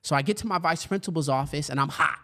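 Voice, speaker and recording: A man in his thirties giving a storytelling talk to educators, acting out his younger self with a raised, lively voice. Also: a little high, fast. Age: 30s. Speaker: speaker for educators.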